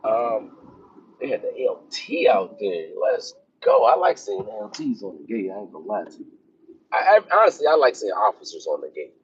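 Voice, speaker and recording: This officer's fairly low voice is very animated and brisk as he drives onto a military base. His vlog is rambling and conversational, heavy on fillers, with slight background noise and a dull lo-fi quality.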